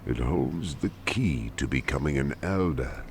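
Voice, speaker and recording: An actor playing a grave, ominous male narrator in a fantasy strategy game, speaking slowly and solemnly. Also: rumbling low, expressive, vocal fry, over a noisy crowd, full character voice. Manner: slow, solemn, portentous delivery. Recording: game audio with loud background noise.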